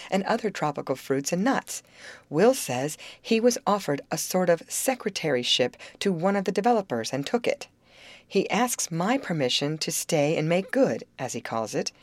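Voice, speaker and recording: A stern yet fond father muses over a letter in a storybook, voiced by a woman narrator. The voice sits low with lively pitch movement, recorded close and dry. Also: dry recording. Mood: measured. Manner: measured, musing, dryly humorous. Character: stern but fond middle-aged father.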